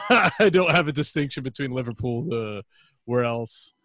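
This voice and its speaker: An American man talking casually as a podcast guest, his voice sitting at a middle pitch. He laughs often and rambles, restarting his sentences. The sound is dry and close, with no room echo. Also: lively intonation, a little slow, a bit bright. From United States. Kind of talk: casual chat.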